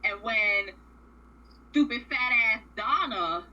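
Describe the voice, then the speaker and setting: A woman's voice: on the high side, animated, takes it slowly, bright, forceful tone, lo-fi sound. A woman co-hosting a radio show, casually recapping a reality series in a blunt, profane, opinionated way.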